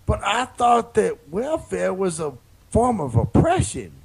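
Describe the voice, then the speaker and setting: Man putting on a whiny young son, high voice swooping wildly, gravelly, husky. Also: big pitch swings, a little slow, a little mellow, slight background noise, full character voice. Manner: pleading, naive questions. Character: whiny young son questioning his father.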